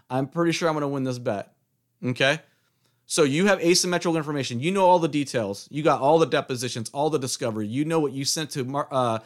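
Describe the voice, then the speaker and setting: A middle-aged man hosting a solo podcast, taunting and challenging his listeners in a combative monologue. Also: on the high side. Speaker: podcast host.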